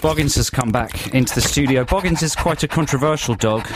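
A wry man co-hosting a radio chat with a mid-pitched voice. He makes dry jokes. There is faint noise and some clicks behind him. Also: brisk. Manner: wry, joking. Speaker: radio co-host. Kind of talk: casual chat.

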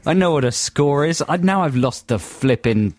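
A man's voice: a little high, expressive, moderate pace, a little mellow. A man co-hosting a radio show, bantering in a mock-pompous, self-assured way. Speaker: radio co-host. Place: radio studio. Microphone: studio microphone.

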